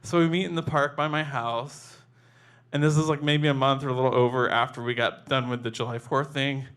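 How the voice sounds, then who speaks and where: A man's voice: medium pitch, fairly even intonation, a little fast, a bit bright, clear, resonant tone. A man telling a personal memoir story in a casual, conversational way, full of "like" and restarts.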